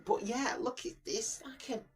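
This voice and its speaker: In an extremely high-pitched voice at a moderate pace, a man co-hosts a casual podcast, trading jokes, interrupting and dropping into impressions.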